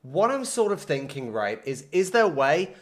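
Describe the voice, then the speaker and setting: An excitable young man talks through his gameplay on a live stream. His voice sits a little high and jumps all over the place, from muttering to loud outbursts. He pokes fun at himself as he works things out. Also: normal speed. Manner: excitable, self-mocking, swings between frustration and laughter. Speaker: gaming streamer.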